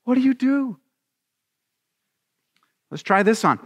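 A man preaching a sermon as a pastor, animated and acting out little scenes with voices. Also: high-pitched, moderate pace, long pauses, big-room sound.

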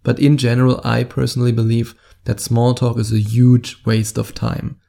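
A man's voice: medium pitch, level tone, normal speed, gravelly, mellow. A man with a German accent, speaking directly to the camera as a dating coach in an upbeat, salesy way with playful asides.

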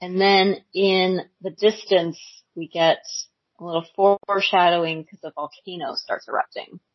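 A woman co-hosting a podcast, recapping a cartoon in casual chat, animated, laughing often and saying like a lot. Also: lowish voice, moderate pace, no room sound, muffled recording. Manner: animated, laughing, many likes and ums. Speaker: podcast co-host.

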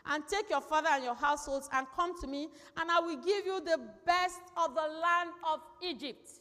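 High-voiced woman preaching in a reverberant hall. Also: normal speed, fairly bright tone. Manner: emphatic, repeats key phrases, asks the congregation questions. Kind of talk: sermon. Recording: long reverb in a large hall.

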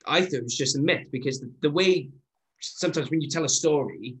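A man's voice: fairly high pitch, brisk. A man hosting a podcast, asking questions eagerly and laughing often. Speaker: podcast host. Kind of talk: casual podcast interview.

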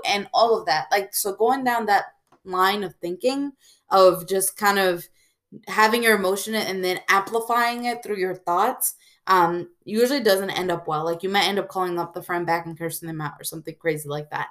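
A woman hosting a podcast, giving casual advice in a reflective way, often pausing on "um" and checking in with "right?". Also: mid-range voice. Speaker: podcast host.

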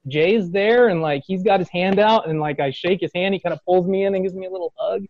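A man's voice: fairly quick, no room sound, muffled recording. A man hosting a podcast, telling a fan story in casual chat, acting out quotes, laughing and swearing. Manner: animated, acts out quotes with rising pitch, swears, laughs. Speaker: podcast host.

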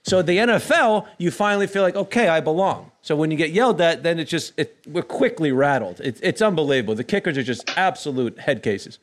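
A man, a former punter co-hosting a podcast, telling stories in a profane, animated way. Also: on the high side, a little fast, few pauses. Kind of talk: casual chat.

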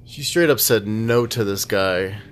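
A man's voice: fairly low pitch, a little slow. Laid-back man podcast host. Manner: laid-back rambling, laughs often. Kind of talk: casual chat.

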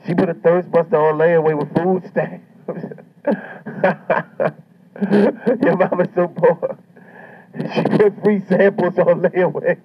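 A man's voice: high voice, steady tone, takes it slowly, breathy edge. A man doing a stand-up comedy routine, brash and swaggering, with heavy profanity. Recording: muffled lo-fi recording.

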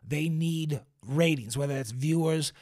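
A man's voice: a little high, a little slow, darkish tone. Profane, rambling male podcast host. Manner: loose, profane, rambling with frequent fillers. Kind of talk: casual solo podcast rant. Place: indoors, seated in a squeaky chair. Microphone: camera and studio mic.

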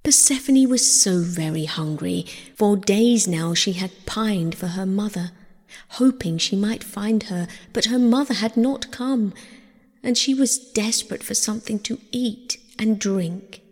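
A woman reads a storybook myth aloud in a gentle, measured way, taking her time. Her voice carries a long reverb, as if she is reading in a hall. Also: medium pitch. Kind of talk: scripted storybook narration.

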